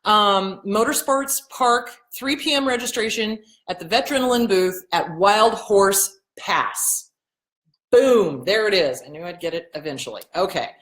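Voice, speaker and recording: A middle-aged woman hosting a casual live Q&A, blunt and animated, swearing freely and acting out the voices she quotes. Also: medium pitch, unhurried, roomy sound. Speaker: host answering viewer questions.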